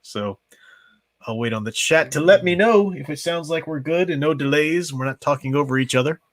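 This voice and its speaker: A man's voice: a little high, brisk. A man hosting a casual book club livestream from a home mic, chatty, restarting his sentences often. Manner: chatty, frequent restarts and laughs.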